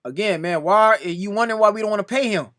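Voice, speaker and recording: A man talks through a sports reaction video in a high voice, arguing straight at another commentator. His tone is bright and forceful, and he keeps pleading with exasperation as he makes his case. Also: fast. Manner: exasperated, repeatedly pleading "come on now"; addresses another commentator directly.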